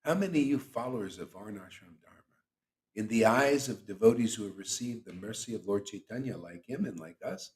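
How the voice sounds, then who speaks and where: Animated man giving a casual sermon. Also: fairly low pitch, a little fast. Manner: casual and teasing, slangy. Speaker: spiritual teacher. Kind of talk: devotional sermon to an online group.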